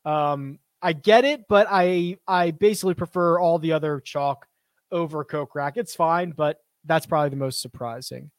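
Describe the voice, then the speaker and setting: Chatty high-voiced man hosting a stream. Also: no echo, studio quality. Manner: chatty, self-deprecating, quick asides. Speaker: host of a fantasy golf stream. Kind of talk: casual live-stream Q&A reading chat.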